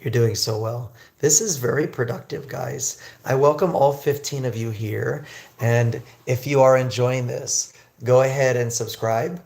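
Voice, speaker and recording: Slow, gravelly man teaching English. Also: medium pitch, darkish tone. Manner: slow, drawn-out pronunciation drills; chatty, greets viewers. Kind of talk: livestream English lesson.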